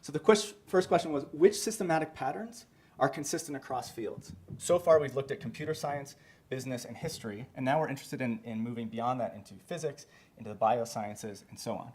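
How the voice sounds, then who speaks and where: A man's voice: mid-range voice, brisk, darkish tone, breathy edge. Man presenting research slides. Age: young adult. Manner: explanatory, walks listeners through slides step by step. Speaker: postdoctoral researcher giving a flash talk. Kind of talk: short scientific presentation with slides.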